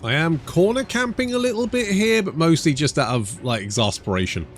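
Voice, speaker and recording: A British gaming YouTuber gives casual let's-play commentary on a strategy game, his voice fairly high, animated and a little fast. He chats and rambles with joking asides while faint music plays behind him.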